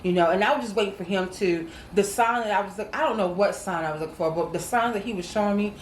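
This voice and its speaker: A woman's voice: medium pitch, fast talker, echoey room, a little hiss or hum, low-quality recording. A woman co-hosting a casual talk, earnestly telling a personal testimony and calling her viewers y'all. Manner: earnest storytelling, acts out quoted voices, addresses viewers as y'all. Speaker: co-host.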